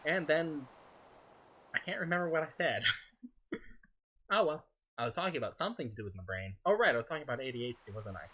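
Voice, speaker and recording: A man streaming a game, talking casually in a soft-spoken, rambling way with frequent chuckles. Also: fairly high pitch, sing-song, fast talker, long pauses, slightly rough. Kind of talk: casual gaming stream chat.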